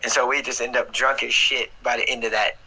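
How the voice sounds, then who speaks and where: A man with a very bright, sharp-edged voice joking around on a live stream, swearing freely and teasing. His pitch sits in an ordinary middle range. He talks casually, like a regular co-host on a video call. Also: level tone, brisk, gravelly, slightly rough, low-quality recording.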